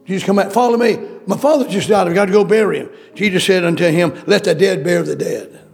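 A man's voice: sits high, fast talker, creaky, faint music behind. A male preacher delivering a sermon, emphatic and repetitive, calling out questions to the congregation. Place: church.

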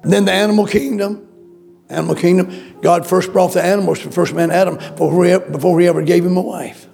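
A man's voice: sits high, steady tone, fairly quick, gravelly, darkish tone, faint music behind. A male preacher delivering a sermon, emphatic and repetitive, calling out questions to the congregation. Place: church.

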